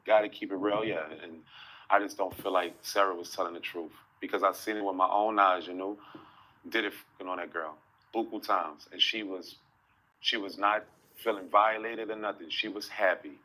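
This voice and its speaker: A man's voice: low voice, steady tone, normal speed, bright, forceful tone, low-quality recording. A man in an interview clip, speaking in a blunt, matter-of-fact way.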